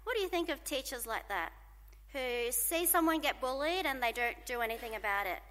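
A woman preaching a sermon in an animated way, asking the congregation to call out responses, in a church hall. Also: high voice, a little fast.

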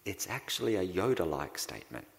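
Male pastor, low gravelly voice, unhurried sermon delivery, reverberant church sound. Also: sing-song. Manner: slow, deliberate preaching with dramatic pauses.

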